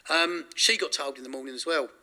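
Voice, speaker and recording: A man with a strikingly bright, forceful voice recounts events to an interviewer. He talks in a candid, rambling way, stopping and correcting himself often. His pitch sits a little higher than most men's. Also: a little fast. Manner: rambling, self-correcting, frequent restarts. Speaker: interview guest.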